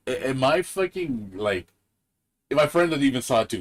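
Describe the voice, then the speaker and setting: A man's voice: mid-range voice, big pitch swings, moderate pace, long pauses. A man ranting on a gaming live stream, profane and heated, mocking other people in quoted voices. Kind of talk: casual gaming stream rant.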